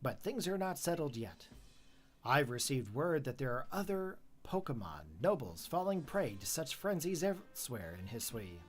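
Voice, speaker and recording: Stern, clipped commander read out by a streamer, formal and cool, pitch swinging widely. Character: stern male commander of a survey team. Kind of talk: reading game dialogue aloud on a live stream.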